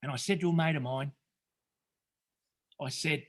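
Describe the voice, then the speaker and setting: Speaking at a moderate pace with long pauses, this fairly high, fairly bright-voiced Australian recounts his emotional story on a podcast. He's a middle-aged retreat founder who rambles earnestly, keeps starting over, swears frequently and says mate a lot.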